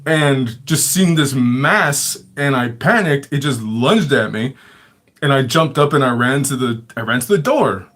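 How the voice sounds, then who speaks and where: In a casual livestream chat, a man tells rambling, profane stories packed with filler words, laughing often. His medium-pitched voice is animated, a bit bright, and a little slow.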